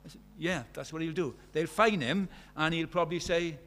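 A man's voice: fairly high pitch, normal speed, fairly bright tone. A middle-aged man from Britain preaching a sermon, telling stories with acted-out dialogue and firing rhetorical questions.

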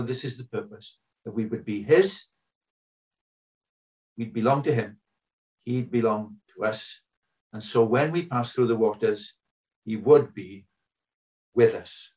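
A man's voice: mid-range voice, recorded from a distance, rough recording. An older man preaching a sermon, earnest and full of rhetorical questions.

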